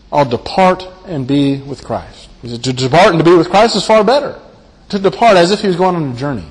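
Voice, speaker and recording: Halting preacher with hall reverb. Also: male voice, on the high side. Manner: earnest, halting with repeated words. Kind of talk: sermon.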